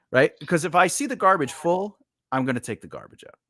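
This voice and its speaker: A man's voice: on the high side, fast, no room sound, studio quality. Nuchtere man, geanimeerd vertellend. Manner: animated storyteller, acts out both sides of arguments. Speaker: comedian and actor. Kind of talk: casual chat.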